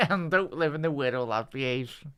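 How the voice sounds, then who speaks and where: A man's voice: a little high, lively intonation, unhurried, a bit bright, clean tone. A man with a Scouse accent giving casual live match commentary on a stream, chatting to his viewers and calling them lad and chat. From Liverpool, England.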